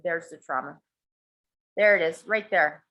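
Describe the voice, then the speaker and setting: A woman talking in a blunt, animated way, swearing freely as she leads a small group. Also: on the low side, measured pace. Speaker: coach and workshop leader. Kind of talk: casual talk to a small group.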